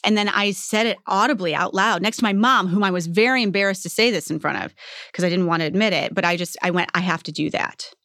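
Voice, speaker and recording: A woman's voice: mid-range voice, fast, fairly bright tone, dry recording, studio quality. A woman in her forties, a guest telling stories in casual conversation, chatty with many fillers, acting out the voices she quotes. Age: 40s.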